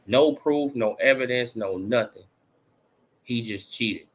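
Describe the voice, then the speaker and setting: A man's voice: medium pitch, slow pace. Slangy man ranting about boxing. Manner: slangy, repetitive fillers like "bro" and "you know"; rising to animated mocking in the back half. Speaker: boxing commentary vlogger. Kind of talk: casual opinion rant.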